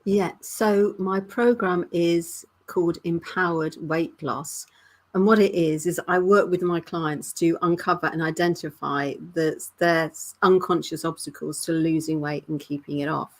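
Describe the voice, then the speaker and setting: A woman, a weight-loss coach calmly explaining her methods as a guest. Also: lowish voice, a little slow. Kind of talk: interview answers.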